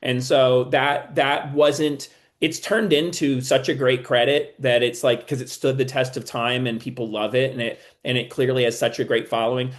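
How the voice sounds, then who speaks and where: A man's voice: mid-range voice, steady tone, normal speed, hardly any pauses. A man being interviewed as a TV writer and producer, talking casually and often stopping and restarting while he thinks.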